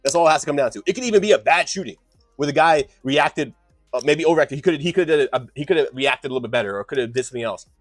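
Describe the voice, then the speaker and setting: Fast-talking combative man streamer. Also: on the high side, expressive, no echo, studio quality, soft background music. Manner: combative, lecturing, swings between loud outbursts and muttering asides. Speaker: streamer debating chat. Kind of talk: heated live-stream debate.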